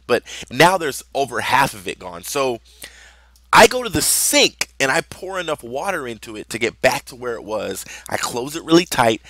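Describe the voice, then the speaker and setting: A man's voice: mid-range voice, fairly bright tone, no echo. A young man telling a personal story in a rambling, conversational way, with lots of fillers. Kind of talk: casual storytelling vlog.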